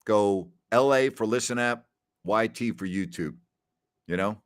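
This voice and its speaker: A man's voice: fairly low pitch, unhurried. A middle-aged man hosting a live question-and-answer stream, telling stories and reading viewer comments in a chatty way that often repeats names and phrases. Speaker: host.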